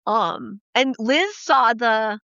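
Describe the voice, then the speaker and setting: A woman hosting a podcast, telling profane, lively stories in casual chat and acting out the quoted lines. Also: a little high, drawn-out words, no echo. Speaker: podcast host. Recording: dull, dry lo-fi podcast audio.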